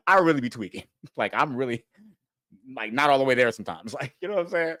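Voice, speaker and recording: A man's voice: medium pitch, fast. A man telling a story from his time in jail, laughing often and acting out the dialogue. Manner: animated, laughing, acts out dialogue.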